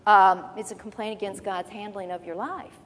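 A woman preaching a sermon, teaching from the Bible in a conversational, animated way with quick asides. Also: medium pitch. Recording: long reverb of a large hall.

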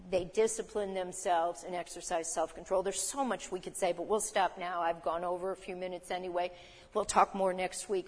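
A woman preaching a sermon, reading scripture and acting out the people in it with lively voices. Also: mid-range voice, normal speed, in a large hall. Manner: animated, acts out Bible figures in voices.

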